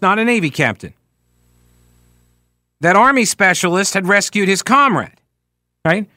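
A male talk radio host delivers sarcastic, mocking commentary into a studio microphone. His voice sits a little high and bright. His pitch swings widely. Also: no echo.

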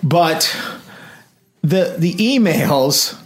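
A man's voice: on the high side, expressive, drawn-out words, husky. A man hosting a podcast, telling a story in casual chat and acting out the quoted emails and replies. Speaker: podcast host.

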